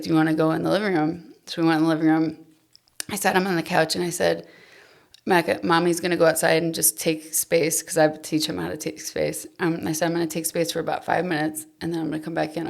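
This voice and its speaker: Candid female podcast guest, deep with fry, confessional storytelling. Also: level tone, quick pace. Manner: emotional, confessional, trails off softly.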